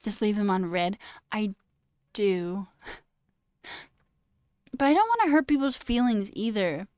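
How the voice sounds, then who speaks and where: Her voice is medium-pitched, clear and resonant, a little slow, captured as a dry, clean studio recording. As a coding livestreamer in her twenties, she chats casually while reading stream chat, swearing and saying "like" throughout her animated rants.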